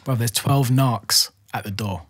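Husky London man telling a story. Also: medium pitch, a little slow. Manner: animated, laughing, slang-heavy, says "bro" often. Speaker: podcast guest. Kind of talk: casual storytelling.

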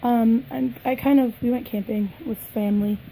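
A young woman vlogging an unboxing in a casual, gushing way, her voice a little hoarse, sometimes dropping to soft whispers. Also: a little high, steady tone, normal speed, slight background noise, rough recording.

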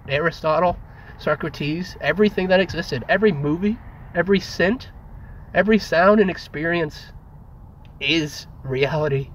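An earnest man with a somewhat high voice muses aloud on big philosophical ideas, repeating himself and stopping and starting mid-thought. He sounds emotional and close to tears. Faint background noise sits under the recording. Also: poor audio. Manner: earnest, emotional, repetitive, halting. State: tearful. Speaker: speaker leading a group talk. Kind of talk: rambling philosophical monologue.

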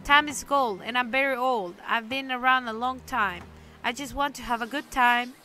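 A woman voicing an old cryptic man who loves games, speaking in a slow, solemn, riddling way. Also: fairly high pitch, pushed and bright, a little hiss or hum.

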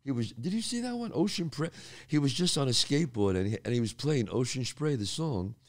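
Lively low-voiced New York host. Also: male voice. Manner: enthusiastic, quick reactions, laughs easily. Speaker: podcast host. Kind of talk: casual interview chat.

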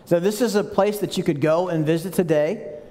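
Male pastor, pitched high, chatty storytelling sermon in a reverberant sanctuary. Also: fairly quick, mellow. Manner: conversational storytelling, acting out scripture quotes. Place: large church sanctuary. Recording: long church hall reverb.

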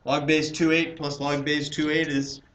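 A male math teacher lecturing in a classroom, working through each step and asking the students questions as he goes. He sits a little high for a man, and the mic is set back from him, so the room rings around his voice with a light hiss underneath. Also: level tone, moderate pace, a bit bright, roomy sound, recorded from a distance, muffled recording.

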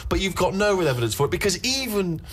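A man's voice: high voice, sing-song, quick pace, a crowd in the background. A man co-hosting a comedy podcast, questioning dryly and skeptically. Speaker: podcast co-host.

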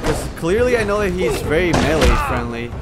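A young man doing let's play commentary, excitable and swearing, yelling at the game. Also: on the high side, normal speed. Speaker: gaming YouTuber. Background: loud game music and fight sounds.

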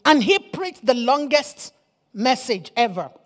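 Woman preacher, high lively voice, fiery sermon with shouted peaks. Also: a little slow. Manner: fiery preaching, rising to shouts, repeating phrases. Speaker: apostle preaching.

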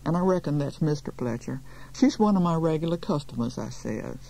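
A woman's voice: sits low, lively intonation, a little fast, vocal fry, warm tone, heavily acted, low-quality recording. A woman voicing a gossipy, talkative beautician with a folksy Southern accent. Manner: chatty, folksy, drawling.

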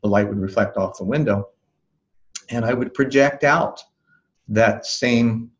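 A man being interviewed as a life coach, recounting a memory in a calm, thoughtful way with soft laughs and restarts. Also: mid-range voice, unhurried, dull audio. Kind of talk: reflective interview storytelling.

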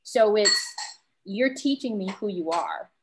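A woman's voice: mid-range voice, lively intonation, measured pace, noisy background. A woman panelist in a round table discussion, talking candidly and acting out little exchanges with friends and family.

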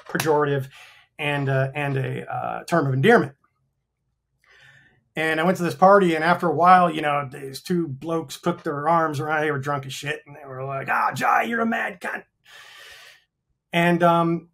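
A man's voice: on the high side, a bit bright. American guy about fifty, rambling, swears a lot, lots of ums, chatting on a call. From United States. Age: 50s. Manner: rambling, frank, swears freely, many ums. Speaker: actor guest. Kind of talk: casual interview chat.

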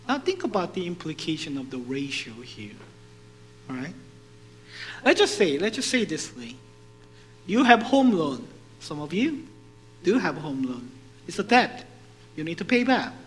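A male pastor preaching a sermon, animated and putting questions to his congregation. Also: fairly high pitch, low-quality recording.

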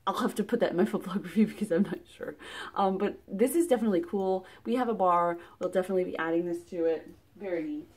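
Unboxing a subscription box for her vlog, a product reviewer with a lowish, husky voice talks fast and rambles, full of fillers and restarts. She gets excited as the items come out.

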